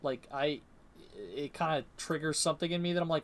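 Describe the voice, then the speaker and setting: A man's voice: a little high, fairly even intonation, fairly quick. A man with a Midwestern US accent in casual podcast chat, rambling with fillers and swearing freely. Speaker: podcast co-host.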